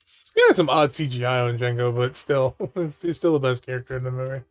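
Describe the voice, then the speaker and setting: A man's voice: medium pitch, animated, fairly quick. A man giving casual watch-along commentary on a movie, laughing often and swearing freely as he riffs jokes.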